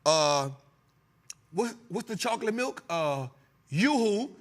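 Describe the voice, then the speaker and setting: A man whose voice sits high takes it slowly while hosting a joking finance talk show. He chats about stocks in an animated, loose style, laughing frequently and teasing the crew.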